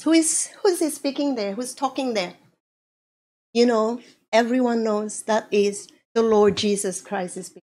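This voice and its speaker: A woman pastor from the Philippines preaching a sermon, slow and animated, acting out quotes as she goes. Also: mid-range voice.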